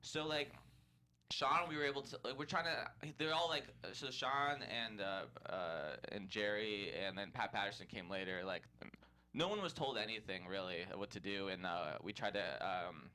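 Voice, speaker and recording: A man, a comedian guest on a podcast, telling a story in casual chat, animated and laughing often. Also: on the low side, normal speed.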